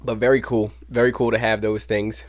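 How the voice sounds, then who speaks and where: A man hosting his own podcast, telling a casual story in an animated way and swearing freely. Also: lowish voice, a little fast. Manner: animated, acts out quoted voices, swears casually. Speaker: podcast host. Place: home podcast studio.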